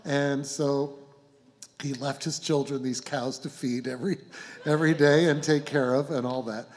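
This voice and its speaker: A middle-aged man, a folk musician, telling a gentle, meandering anecdote between songs on a concert stage, chuckling as he goes. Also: mid-range voice. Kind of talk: rambling onstage storytelling. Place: live concert venue stage. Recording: reverberant live hall with instruments.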